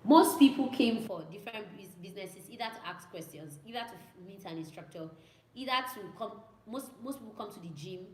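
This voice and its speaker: The speaker is a young student pilot chatting with viewers and answering their questions, repeating herself and copying radio calls. Her mid-range voice is a little mellow, with lively intonation and a fairly quick pace. The recording has room echo and faint ambience.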